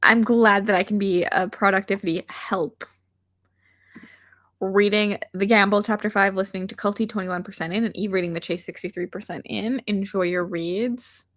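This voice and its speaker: A woman hosts a relaxed book-reading livestream, chatting in a rambling, self-deprecating way. Her voice sits in a middle pitch, and the sound is dry and close. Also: normal speed, no echo. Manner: chatty, rambling with frequent "like" fillers. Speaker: booktuber hosting reading sprints. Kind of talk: casual livestream chat, reading out viewer comments.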